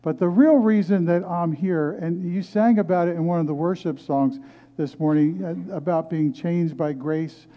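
A man's voice: on the high side, normal speed, dull audio. An older man, a pastor, preaching a sermon and telling his own story in an earnest, storytelling way. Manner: storytelling, earnest, with frequent restarts. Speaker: guest pastor. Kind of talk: sermon testimony. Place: movie theater used as church.

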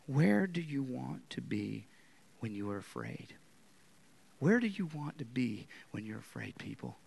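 A man preaching a sermon, moving from loud, emphatic lines to hushed whispers. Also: mid-range voice, wildly swooping pitch, unhurried, creaky, husky.

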